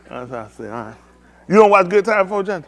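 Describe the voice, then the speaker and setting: A man's voice: high voice, a bit bright. A man hosting a playful trivia game with a room of people, teasing and calling on them by name. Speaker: host leading a group trivia game. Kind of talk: lively group banter.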